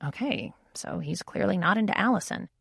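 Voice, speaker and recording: A woman's voice: mid-range voice, lively intonation, fairly quick, vocal fry, fairly bright tone, breathy edge, no room sound. A woman reading a first-person audiobook in a wry, intimate inner-monologue manner, close to the mic. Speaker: audiobook narrator.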